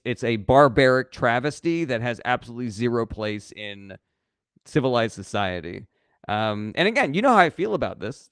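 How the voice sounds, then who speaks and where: A young man from California runs a live question-and-answer stream, reading each comment aloud before answering it. He is blunt and sarcastic and swears casually. His voice is smooth and clear, in dry, close sound. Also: mid-range voice, dry recording. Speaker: livestream host answering viewer questions.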